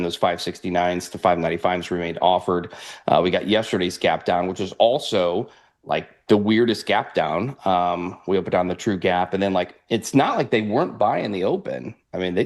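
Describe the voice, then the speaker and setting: A man talking through futures charts in a rambling, animated way, laughing often. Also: low voice, gravelly. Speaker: futures trader guest. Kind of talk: casual market analysis chat.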